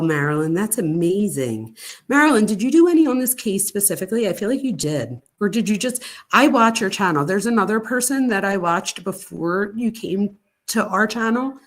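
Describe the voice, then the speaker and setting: A woman in her forties from Pennsylvania, hosting a live stream in casual chat and answering viewer comments with animated stories. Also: mid-range voice. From Pennsylvania, United States.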